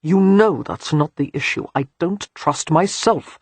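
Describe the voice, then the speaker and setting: A man playing a brooding, war-scarred young gentleman who speaks in a quiet, measured, grave way, with a husky tone. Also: fairly high pitch, dry recording.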